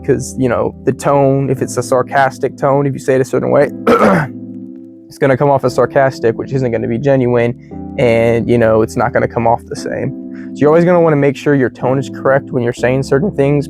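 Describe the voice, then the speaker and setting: An American man teaching English in a relaxed, slangy way, full of "you know" and "like". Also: mid-range voice, vocal fry. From United States. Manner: laid-back, slangy, many fillers like "you know" and "like". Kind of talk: casual explanatory lesson. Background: faint guitar music.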